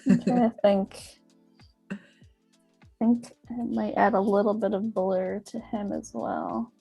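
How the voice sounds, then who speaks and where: A woman's voice: medium pitch, steady tone, slow pace, creaky, dark tone, breathy edge, no echo, faint music behind. A young woman guest artist chatting casually on a livestream, bubbly and giggly.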